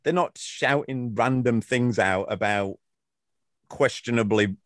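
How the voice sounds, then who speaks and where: A man chatting casually on a podcast. His delivery is animated and rambling, full of restarts, and the recording is dry and close with no room sound. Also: medium pitch, takes it slowly, no room sound. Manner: animated, rambling, self-correcting. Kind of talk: casual chat.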